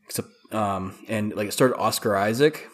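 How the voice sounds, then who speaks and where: Man, podcast guest, somewhat low voice, rambling, casual chat. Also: normal speed. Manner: rambling storyteller, heavy use of "like".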